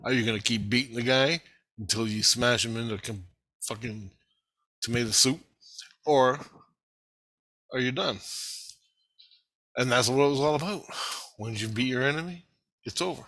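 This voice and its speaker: A man's voice: medium pitch, normal speed, pauses often, no room sound. A man telling a rambling story in a casual vlog, swearing constantly and getting worked up. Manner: profane, excitable, rambling. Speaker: vlogger recounting a vision.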